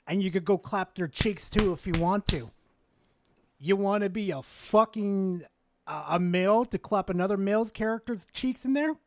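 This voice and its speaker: A man streaming, ranting back at a video with sarcastic, profane mockery. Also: sits high. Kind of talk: casual live-stream rant.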